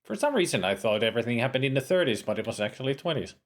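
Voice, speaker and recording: A man's voice: medium pitch, rapid-fire. A man streaming a retro adventure game, chatting and joking casually as he plays. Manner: chatty, animated, jokey. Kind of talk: casual let's-play commentary.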